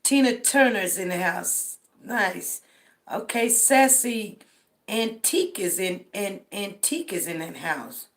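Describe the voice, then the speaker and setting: A woman's voice: mid-range voice, expressive, slow pace. A middle-aged woman from Denver, tired, hosting a casual livestream and greeting viewers by name. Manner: greets viewers by name, drawls friendly shout-outs. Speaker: livestream host. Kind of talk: casual livestream roll call.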